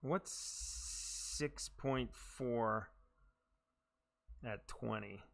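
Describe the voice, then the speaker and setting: A man streams a game live, reacting aloud to his own shots, swearing when frustrated, poking fun at himself and chatting with viewers. His medium-pitched voice is creaky and extremely slow.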